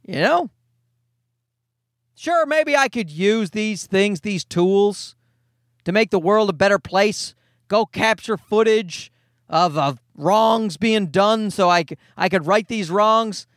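Comedian in his forties, podcast host, lively swearing storyteller, bouncy high voice, dry close mic. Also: slow pace, dry recording. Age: 40s. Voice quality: animated, profane storytelling. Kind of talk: casual solo podcast monologue.

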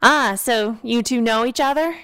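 A woman's voice: sits high, expressive, unhurried, a bit bright, pitched above the performer's own voice. A woman reading aloud, voicing a charming, talkative young man who keeps asking prying questions. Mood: eager.

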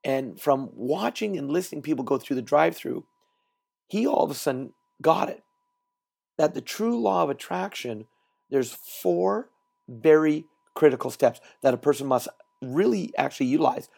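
A man hosting a solo motivational podcast, telling stories in an animated way and repeating words for emphasis. He is recording while traveling. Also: on the high side, normal speed, gravelly. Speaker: podcast host and trainer.

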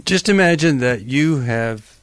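A man's voice: mid-range voice, lively intonation, measured pace, a bit bright, no room sound. A male radio talk show host giving earnest, emphatic and empathetic advice to callers in a studio.

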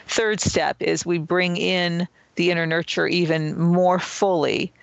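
Gravelly-voiced man explaining step by step. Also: on the high side, flat delivery, a little slow, few pauses, no room sound, rough recording. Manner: earnest, patient, step-by-step teaching. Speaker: author and guest. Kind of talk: interview answer, explaining self-help steps.

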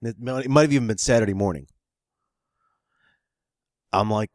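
Speaking at a moderate pace with frequent pauses, a man with a lowish, slightly mellow voice shares a long anecdote about his screenwriting work in a casual podcast conversation. He laughs a lot and acts out quoted phone calls, all in clean studio sound with no room sound.

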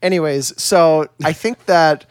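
A man's voice: a little high, unhurried, smooth, dry recording, studio quality. A young man chatting casually with friends, rambling with lots of fillers and frequent laughs. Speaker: podcast host, runs a web agency. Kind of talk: casual chat among friends.

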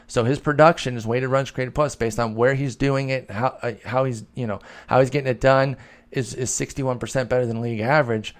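A man's voice: medium pitch, fairly even intonation, brisk. A man hosting a podcast, answering listener questions in a chatty, analytical way and thinking aloud with fillers. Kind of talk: casual chat.

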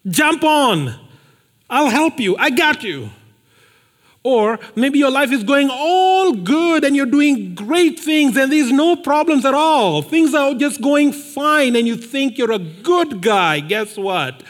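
A male preacher with a notably high voice delivers a sermon full of storytelling. He drives his points home by repeating key phrases. His voice rings out with a long reverb, as if in a large hall. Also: lively intonation, slow pace, hardly any pauses. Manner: emphatic, repeats phrases for effect.

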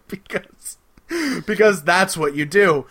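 A man's voice: high voice, slow pace. A man co-hosting a casual podcast, recapping an episode with lots of laughter and acted-out quotes. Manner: animated, laughing, acting out quotes. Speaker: podcast co-host.

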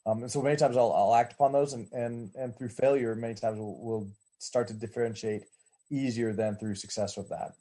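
A man's voice: medium pitch, fairly even intonation, brisk, mellow. A man on a church teaching team reflecting aloud on a video call, often searching for his words. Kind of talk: casual discussion on a video call.

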